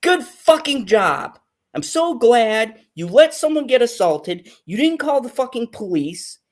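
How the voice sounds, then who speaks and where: A woman's voice: fairly high pitch, big pitch swings, unhurried. A woman guest on a fan talk show, ranting heatedly with constant swearing and frequent laughter. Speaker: guest commentator. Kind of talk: profane ranting commentary.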